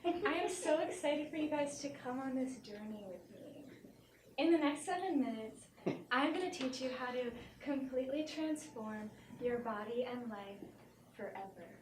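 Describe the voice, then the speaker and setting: A woman's voice: high voice, animated, normal speed, darkish tone. A young woman comedian on stage doing a mock-earnest self-help talk, giggling between lines, heard from far off in a noisy, echoey theater. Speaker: stand-up comedian. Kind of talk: parody motivational talk on stage. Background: audience laughter.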